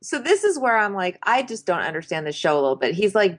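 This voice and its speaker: A woman co-hosting a casual chat, expressive and chatty, acting out quotes in a raised voice. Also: mid-range voice, quick pace.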